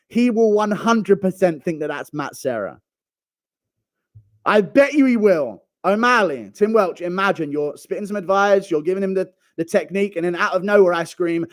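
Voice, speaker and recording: Young male streamer, animated and profane, high lively delivery. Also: dry recording, studio quality. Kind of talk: casual ranting commentary.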